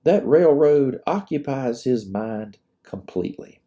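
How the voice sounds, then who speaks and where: A man's voice: medium pitch, animated, measured pace, warm tone, highs cut off, pitched above the performer's own voice, close to an everyday voice. A man voicing Kate, a wry, teasing young plantation daughter, in a storybook reading.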